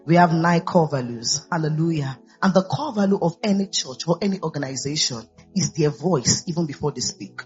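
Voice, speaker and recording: A woman's voice: sits low, lively intonation, fairly quick, few pauses, darkish tone. A woman pastor preaching a sermon, peppering her words with hallelujahs. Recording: dull lo-fi recording with faint music.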